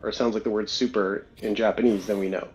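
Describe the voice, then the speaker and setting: A man guesting on a gaming stream, playfully reasoning through a joke out loud. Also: fairly low pitch, steady tone, fast talker, poor audio. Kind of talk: casual stream chat.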